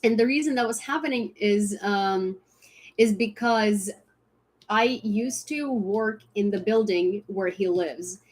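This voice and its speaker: A woman's voice: mid-range voice, slow. A young woman from Ukraine chats casually on a livestream. She rambles and restarts often, with plenty of fillers. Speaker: livestream host.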